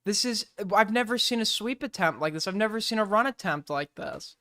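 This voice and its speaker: A man's voice: high-pitched, expressive, fairly quick, bright, forceful tone, smooth, dry recording. A man hosting a casual commentary stream, blunt and exasperated, swearing freely. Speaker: streamer host.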